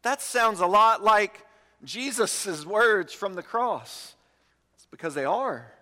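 High, bright-voiced pastor in echoing sanctuary. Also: male voice, lively intonation. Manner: earnest, slows down and stresses key words. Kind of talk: sermon. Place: church sanctuary.

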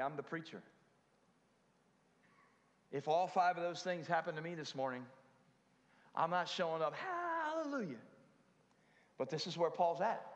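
A man's voice: a little high, lo-fi sound. A man preaching a sermon in a conversational way, with frequent asides to the congregation. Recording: long hall reverb.

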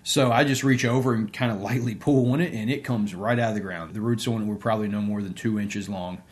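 A man's voice: on the low side, fast talker. A man, an interview guest and sports coach, telling a personal story in a casual, conversational way with many fillers.

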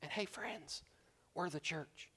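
A man's voice: a little high, takes it slowly, sharp tone, breathy edge. A man pastor preaching a sermon in an earnest, conversational way with colloquial asides.

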